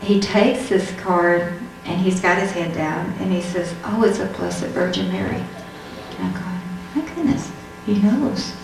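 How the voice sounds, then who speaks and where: A woman's voice: fairly low pitch, level tone, measured pace, vocal fry, recorded from a distance. Woman sharing her faith story, acts out the back-and-forth, roomy hall, bit of background hiss. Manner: storytelling, acts out quoted dialogue. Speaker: speaker giving a testimony. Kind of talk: religious testimony talk. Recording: echoey hall, heard from afar.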